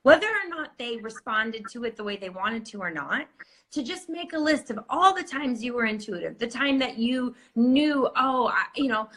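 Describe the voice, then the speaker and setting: A woman's voice: fairly high pitch, expressive, normal speed, fairly bright tone. A woman who coaches clients on intuition, talking casually on a podcast and acting out her inner voices in little quoted asides.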